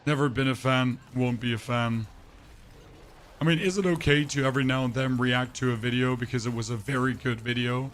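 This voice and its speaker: A man's voice: medium pitch, fairly even intonation, a little fast, fairly bright tone, a little hiss or hum. A man streaming a game and chatting with his viewers through a voice changer, opinionated and ranting, often tripping over his words. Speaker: gaming streamer. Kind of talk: casual livestream chat while gaming.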